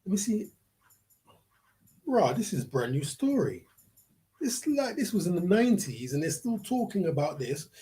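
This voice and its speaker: A man's voice: high voice, very animated, normal speed, long pauses, dark tone, rough recording. A man ranting in a vlog, profane and prodding the listener with repeated questions. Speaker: vlogger. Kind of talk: ranting commentary.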